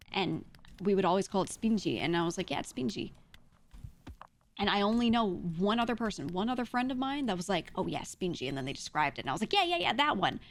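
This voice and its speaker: A woman's voice: mid-range voice, slight background noise. A woman streamer talking in a casual, rambling way, swearing freely and laughing often.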